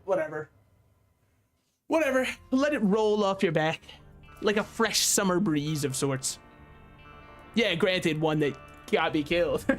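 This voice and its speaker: A man with a highish, slightly bright voice streams gameplay, tossing off casual, sarcastic commentary. He mocks himself and swears freely in self-deprecating banter.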